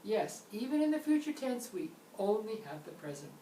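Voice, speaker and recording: A woman's voice: mid-range voice, sing-song, moderate pace, dark tone. A woman teaching an English grammar lesson in a playful manner with theatrical asides. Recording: roomy echo, mic at a distance, faint noise.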